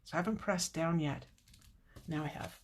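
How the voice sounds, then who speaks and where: A woman's voice: sits low, normal speed. A woman hosting a casual live card-making tutorial, chatting to viewers by name and laughing often.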